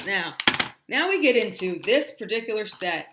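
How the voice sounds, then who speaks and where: A woman with an expressive mid-range voice gives an animated livestream lesson on English shapes, singing and slowly drilling words for kids to repeat between chatty asides. The sound is roomy, with a noisy background.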